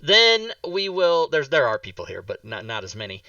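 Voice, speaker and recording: A man hosting a casual live-stream chat, excitable and loud, cursing and mocking his own mistakes. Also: fairly high pitch, normal speed, creaky, dry recording, distant mic, dull audio. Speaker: host.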